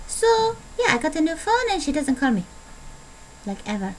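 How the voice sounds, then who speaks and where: A woman's voice: very high-pitched, sing-song, brisk, slight background noise, low-quality recording. A young woman vlogging in a casual, rambling, playful way, poking fun at herself as she chats. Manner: playful, rambling, self-mocking.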